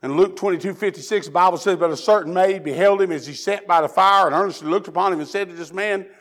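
High-voiced Tennessee preacher. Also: male voice, fast talker. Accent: Southern US, Tennessee. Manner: swings from hushed prayer to loud, fervent preaching. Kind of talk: sermon.

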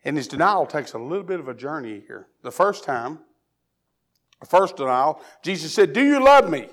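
Southern guy preaching, tennessee accent, pretty high voice, goes quiet then fired up. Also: lively intonation, moderate pace. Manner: swings from hushed prayer to loud, fervent preaching. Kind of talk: sermon.

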